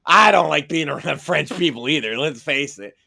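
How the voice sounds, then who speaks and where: A man's voice: on the high side, expressive, moderate pace, gravelly, pushed and bright. A man co-hosting a podcast, brash and profane, mocking people with put-on voices in crude comedic banter. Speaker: podcast co-host.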